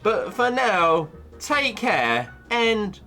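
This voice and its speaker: A man doing casual tier-list commentary as a YouTuber, offhand and jokey, firing off quick verdicts. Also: sits high, very animated, sharp tone, faint music behind. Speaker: YouTuber ranking cartoon characters.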